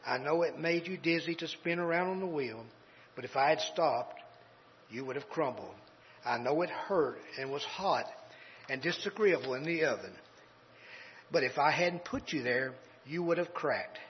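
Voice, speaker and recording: A man voicing a patient, gentle master potter who explains himself quietly and calmly in a told story, on a dull recording in a reverberant hall. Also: a little high, slight background noise, lightly acted. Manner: quiet, calm, measured.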